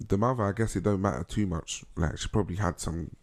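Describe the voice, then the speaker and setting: A man co-hosting a podcast. He speaks in a measured, wordy way with dry irony. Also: sits low, darkish tone, no echo. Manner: measured, wordy and dryly ironic. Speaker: podcast co-host. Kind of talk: casual uncensored chat.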